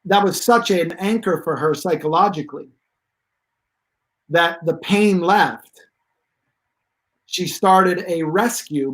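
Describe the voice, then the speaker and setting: A man's voice: on the high side, poor audio. A man speaking as a guest expert on pain relief, telling stories emphatically with rambling asides. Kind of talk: animated storytelling.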